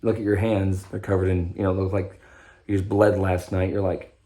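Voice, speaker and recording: A man's voice: low-pitched, little pitch movement, fairly quick, mellow. A young man talking in a casual, rambling monologue about his own recovery, swearing freely and often breaking off mid-sentence. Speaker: vlogger sharing his recovery story.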